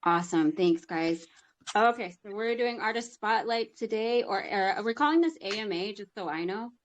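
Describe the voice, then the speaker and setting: A woman's voice: mid-range voice, expressive, moderate pace, a little hiss or hum. Chatty self-deprecating female interviewer. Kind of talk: casual livestream chat.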